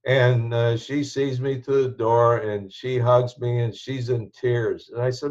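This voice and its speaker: A man's voice: medium pitch, little pitch movement, slow pace, darkish tone, muffled recording. Older man telling a reflective life story. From United States. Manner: reflective, rambling, with restarts and chuckles. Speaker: show host telling his life story. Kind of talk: casual personal storytelling.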